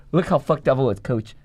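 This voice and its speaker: A husky, mid-range male voice, recorded dry, belongs to an ex-gang member giving personal testimony in conversation. He tells it rapidly, with blunt, profane storytelling.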